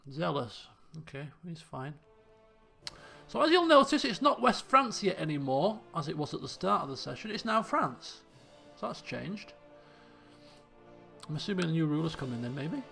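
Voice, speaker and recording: A man's voice: on the high side, big pitch swings, measured pace, creaky, a bit bright, faint music behind. A man casually commentating his own strategy game playthrough, joking and thinking aloud. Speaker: let's play host.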